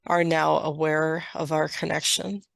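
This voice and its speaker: Woman channeling a slow, gravelly loving dragon spirit. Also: low-pitched, little pitch movement, dry recording, clean studio sound, pitched below the performer's own voice. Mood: tender. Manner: slow, soft, solemn blessing. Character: gentle loving violet flame dragon spirit. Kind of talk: trance channeling.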